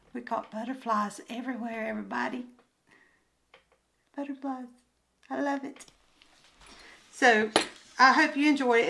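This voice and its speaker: Older woman with a Southern drawl, rambly unboxing chat on a handheld phone, easy unhurried pace. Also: fairly high pitch, a little hiss or hum, poor audio. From Southern United States. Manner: rambling, chatty, often trails into soft murmurs. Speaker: crafts vlogger and booth vendor. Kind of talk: casual unboxing chat to camera. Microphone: handheld phone camera.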